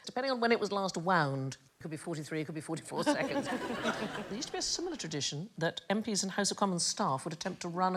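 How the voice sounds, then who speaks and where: Lively woman hosting a comedy quiz. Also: fairly low pitch, a little hiss or hum. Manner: lively, relishing storyteller, teasing the audience. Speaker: quiz show host. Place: TV studio with live audience.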